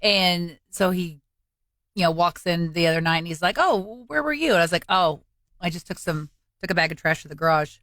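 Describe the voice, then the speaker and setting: A woman with a fairly low voice chats casually on a podcast. She tells stories with energy and acts out other people's lines in a higher voice. The sound is dry and close. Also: fairly quick, dry recording. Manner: animated storyteller who acts out quoted speech in a higher voice. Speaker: podcast co-host. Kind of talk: casual chat.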